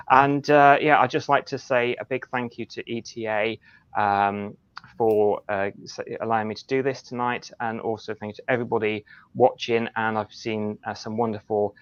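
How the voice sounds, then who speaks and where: A man's voice: on the low side, fairly even intonation, moderate pace, clean tone, dry recording, highs cut off. A man hosting a casual live paranormal chat stream over a video call. He talks chattily, thanks people often and stumbles over repeated words.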